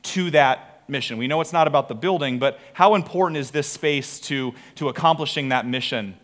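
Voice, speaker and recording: A man preaching as a pastor in a church service, earnest and animated, with repeated phrases. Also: medium pitch, normal speed. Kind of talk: sermon. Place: church auditorium.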